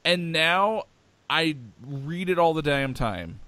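A man's voice: a little high, lively intonation, takes it slowly, pushed and bright, no room sound. A man co-hosting a podcast, chatting casually and with enthusiasm, rambling with lots of fillers. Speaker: podcast co-host.

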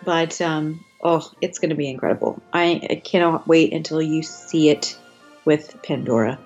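A woman's voice: deep voice, moderate pace, darkish tone, slightly rough, dull audio, faint music behind. A young woman hosting a podcast, chatting casually and reacting eagerly. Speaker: podcast host. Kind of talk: casual chat.

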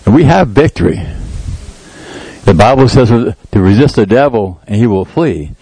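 A man's voice: mid-range voice, animated, normal speed, mellow, slightly rough, no room sound, rough recording. Middle-aged male pastor, mid-range voice, dry close sound, talky sermon with prayerful bursts. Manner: conversational preaching, rises to emphatic prayer. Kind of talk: sermon with live demonstration.

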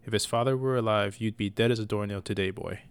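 A man voicing a stern, furious mother who scolds and shouts at her son in a storybook reading. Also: on the low side, fairly even intonation, fast talker, clean tone, natural voice. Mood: scolding.

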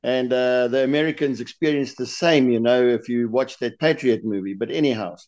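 A man being interviewed speaks with a South African accent in a chatty, rambling way. He often stumbles over his words and restarts before he finishes a thought. His pitch sits in the middle range for a man. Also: normal speed, a little mellow, dull audio. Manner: chatty, repeats words while searching for them. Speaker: guest, lure designer. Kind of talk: podcast interview.

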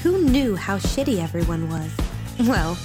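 A man's voice: high-pitched, sing-song, unhurried, music in the background. A man doing a mock sponsor announcer. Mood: mock-solemn. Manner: mock-solemn ad read.

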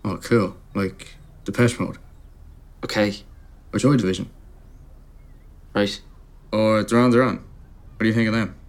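A man acting out a deadpan young man earnestly talking about bands in a low, flat mumble. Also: a little slow, long pauses.

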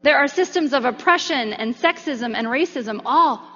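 High-voiced woman preaching in a reverberant hall. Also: animated, moderate pace, fairly bright tone. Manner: conversational, acts out disciples' voices in quotes. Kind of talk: sermon. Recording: dull sound with long reverb in a hall.

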